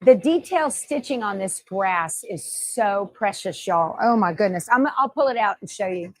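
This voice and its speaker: A woman's voice: mid-range voice, lively intonation, normal speed. A middle-aged woman hosting a casual sewing livestream, chatting, laughing often and reading viewer comments aloud. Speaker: sewing show host.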